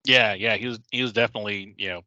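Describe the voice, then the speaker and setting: A man's voice: on the low side, steady tone, fast talker, pushed and bright, no room sound, lo-fi sound. A man hosting a podcast, casually recapping and explaining with fillers and easy laughs. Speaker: podcast host.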